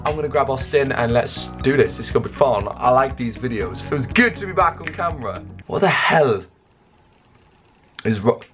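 Young english man, jokey rambling chat, self-mocking, quick restarts, home vlog. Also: medium pitch, lively intonation, fairly bright tone, soft background music. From England. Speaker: YouTuber and songwriter. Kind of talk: casual Q&A vlog.

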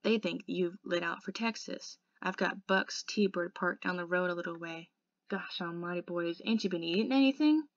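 A woman voicing a tough, gruff teenage greaser boy who talks in curt slang. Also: lowish voice, moderate pace, dry recording, dull audio, close to an everyday voice. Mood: blunt.

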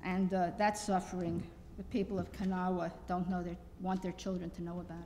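A woman's voice: on the low side, little pitch movement, a little fast, big-room sound, heavy background noise. A woman speaking reflectively at a literary event, with some hesitations.

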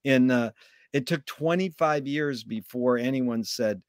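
A man hosting a casual interview, enthusiastic and affirming, quick to praise answers and drop casual slang. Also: medium pitch, no echo, studio quality. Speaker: interview host. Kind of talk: casual conversation.

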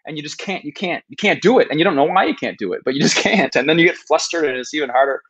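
This podcast guest, a man in his thirties who makes travel videos, talks fast with lively intonation in a husky, slightly bright voice on the high side. In a casual interview over a podcast mic, he shares his story earnestly and self-deprecatingly, frequently starting sentences over.

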